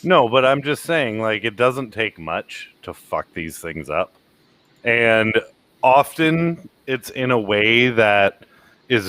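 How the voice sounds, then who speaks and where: A man's voice: fairly low pitch, sharp tone, dry recording. A man hosting a live stream, chatting casually and laid-back, swearing now and then. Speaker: streamer host. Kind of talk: casual chat.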